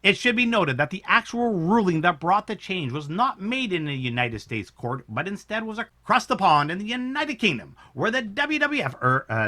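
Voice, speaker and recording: A man hosting a playful scripted news segment with a lively announcer delivery. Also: high voice. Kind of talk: upbeat scripted news parody.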